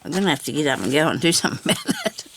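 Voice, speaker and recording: For a journal video, an older woman sits crafting at her table at home, cutting and inking while chatting to herself and laughing often. Her low-pitched, fairly bright voice is sing-song and rapid-fire, with slight background noise.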